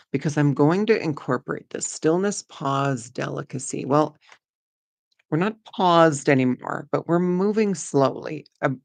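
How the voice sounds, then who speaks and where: A woman with a gravelly, fry-edged voice talks her viewers through an oracle card reading in a loose, chatty way. She reassures them often and wanders between thoughts. The sound is close and dry, with no room in it. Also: deep voice, no echo.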